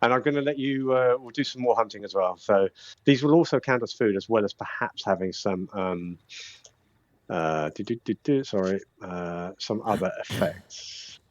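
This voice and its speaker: A man's voice: on the low side, normal speed, no echo. A man narrating as dungeon master for a tabletop game, chatty and laughing, with many fillers and restarts. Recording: dull lo-fi sound.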